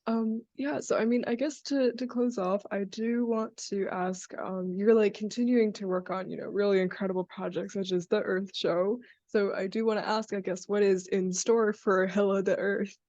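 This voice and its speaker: A woman's voice: mid-range voice, fairly even intonation, moderate pace, few pauses, a little mellow, no echo. Teenage girl host, dry lo-fi sound. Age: teens. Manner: eager, hesitant, many fillers. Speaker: podcast host. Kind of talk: casual interview chat.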